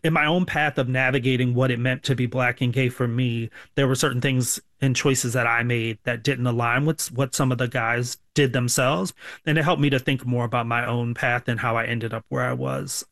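A man from Baltimore, a sociology professor, answering radio interview questions in a measured, reflective way. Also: medium pitch, no echo, studio quality. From Baltimore, USA. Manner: measured, reflective, even delivery.

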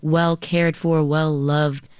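A woman's voice: low voice, little pitch movement, slow, a little mellow, clear, resonant tone, no room sound, studio quality. A young actress speaking animatedly and sassily about her character and the show. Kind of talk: interview.

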